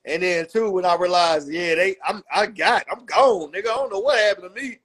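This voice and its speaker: Guy with a really high voice cracking jokes on a podcast, swearing a lot. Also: a little fast, fairly bright tone. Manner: joking, profane storytelling. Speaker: podcast co-host. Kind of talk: casual chat.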